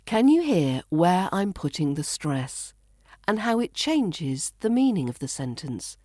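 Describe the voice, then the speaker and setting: Slow, lively British woman coach. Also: lowish voice, dry recording, clean studio sound. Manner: slow, deliberate, demonstrates stress and pronunciation. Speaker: accent coach and podcast host. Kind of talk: scripted podcast lesson.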